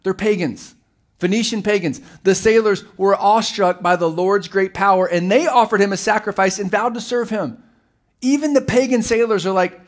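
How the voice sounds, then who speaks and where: A middle-aged man preaching a sermon as pastor, telling the story with animated, acted-out voices. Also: high-pitched, normal speed.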